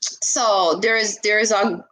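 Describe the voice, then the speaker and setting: A woman's voice: mid-range voice, slow, slight background noise, low-quality recording. Woman hosting a coaxing live chat. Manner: animated, coaxing, mixes patois into speech. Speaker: live-stream host giving advice. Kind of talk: casual live-stream chat.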